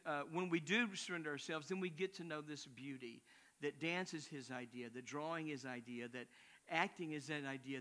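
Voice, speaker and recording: A man's voice: on the high side, sharp tone. Older man preaching, chatty and rambling. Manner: conversational, rambling with asides. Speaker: missionary preacher. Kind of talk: sermon.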